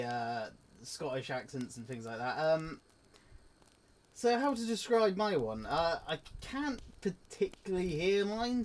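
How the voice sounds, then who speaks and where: Chatty young man, Oxfordshire country twang. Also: medium pitch. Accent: Oxfordshire with a slight country twang. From England. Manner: chatty, lots of "uh" and self-interrupting restarts. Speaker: YouTuber. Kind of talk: casual Q and A to camera.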